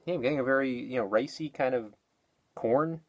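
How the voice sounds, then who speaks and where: A man's voice: medium pitch, fairly quick. Rambling, breathless man reviewing a beer. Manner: rambling, with many fillers and self-corrections. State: out of breath after exercise.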